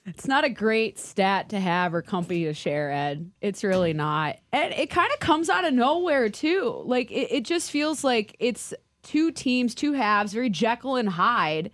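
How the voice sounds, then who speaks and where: A woman co-hosting a casual sports talk show, quick and teasing, breaking down the game. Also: fairly high pitch, sing-song, fairly bright tone, no room sound.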